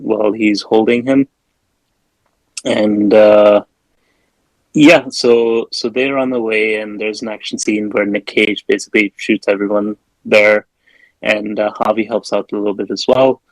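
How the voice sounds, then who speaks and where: A man's voice: fairly low pitch, flat delivery, measured pace, dry recording, low-quality recording. A man casually recapping a film plot on a podcast, rambling with plenty of fillers and restarts. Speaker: podcast host.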